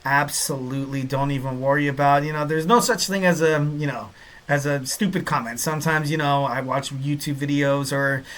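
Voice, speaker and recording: A man's voice: fairly high pitch, fairly even intonation, moderate pace, fairly bright tone. A man hosting a wrestling podcast from home in Southern California, talking in a rambling, upbeat, jokey way full of "you know" fillers. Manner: upbeat, jokey and self-deprecating. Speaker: podcast host. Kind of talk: casual podcast monologue.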